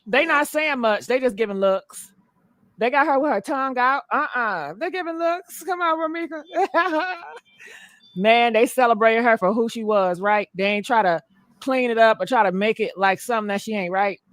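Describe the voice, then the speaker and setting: A woman hosting a casual commentary vlog, chatty and slangy as she addresses her viewers directly. Her voice sits a little high and is recorded dry and close, with no room sound. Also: normal speed, a bit bright, dry recording.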